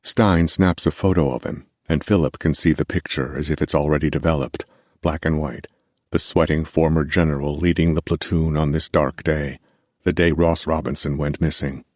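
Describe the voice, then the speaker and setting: A male audiobook narrator with an extremely deep, husky voice, reading in a measured, steady way. The recording is close and completely dry. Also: dry recording. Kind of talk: scripted narration.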